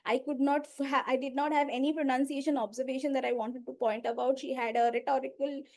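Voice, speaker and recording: Female grammarian, high voice, steady and instructive, video call mic. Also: a little hiss or hum. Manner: measured, instructive, pauses between items. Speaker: grammarian at a speaking club meeting. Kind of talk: meeting report speech.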